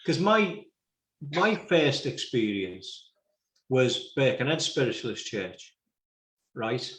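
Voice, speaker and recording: Liverpool host and reverend, mid-pitched man, easygoing anecdotes, recorded in a roomy echo. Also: sing-song, slow pace, fairly bright tone. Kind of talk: casual chat.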